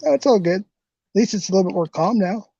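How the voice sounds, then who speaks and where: A man's voice: sits high, animated, fast, creaky, mellow, dry recording, highs cut off. A man hosting a live online panel, easygoing and chuckling often between his remarks. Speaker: host. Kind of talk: casual chat.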